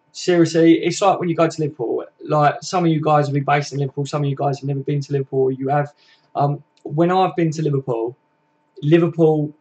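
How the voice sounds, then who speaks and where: A man's voice: a little high, a little mellow, highs cut off. A man, chatting casually and rambling on a live stream to his viewers. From England. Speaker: fan channel host.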